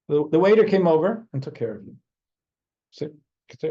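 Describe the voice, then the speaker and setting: Husky, mellow middle-aged rabbi. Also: male voice, on the high side, big pitch swings. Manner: heartfelt, halting storytelling. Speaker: rabbi teaching a class. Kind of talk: informal Torah class. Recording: dull lo-fi recording.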